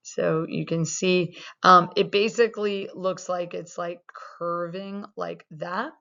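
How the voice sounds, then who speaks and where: Young woman math teacher, low-pitched, loose and chatty delivery, muffled recording. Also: steady tone, slow, creaky, sharp tone. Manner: casual, chatty explaining with many fillers. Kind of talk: recorded video lesson. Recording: dull lo-fi sound.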